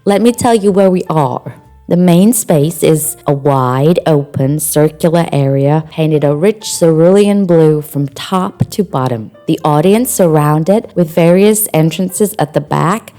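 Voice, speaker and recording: Mellow-voiced woman narrating with playful flair. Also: deep voice, measured pace, soft background music. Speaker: audio describer. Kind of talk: scripted audio description.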